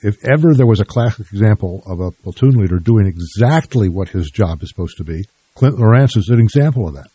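An older man hosting a radio interview, measured and plain-spoken. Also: on the low side, animated, warm tone, slightly rough, no room sound. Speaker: radio host.

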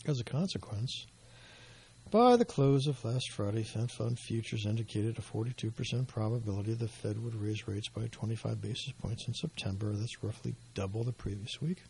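A man giving financial market commentary in a measured, explanatory way, his voice going hoarse. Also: lowish voice, darkish tone. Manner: measured, explanatory, with dry asides. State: losing his voice.

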